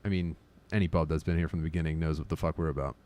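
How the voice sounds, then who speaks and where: A man co-hosting a podcast, chatting casually with wry, deadpan jokes. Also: a bass voice, racing, dry recording. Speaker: podcast co-host.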